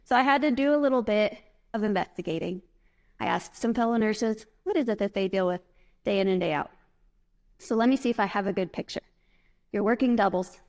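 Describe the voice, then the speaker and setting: Woman speaker on a conference stage. Chatty, self-deprecating, laughs a lot. Mid-pitched voice. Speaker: keynote speaker. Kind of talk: live conference speech.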